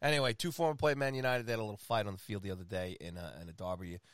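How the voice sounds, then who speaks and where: This co-host speaks rapid-fire in a fairly low, slightly bright voice with fairly even intonation. He's a man on a sports podcast, rattling off league standings in loose, jokey chat, rambling with fillers and throwing in asides.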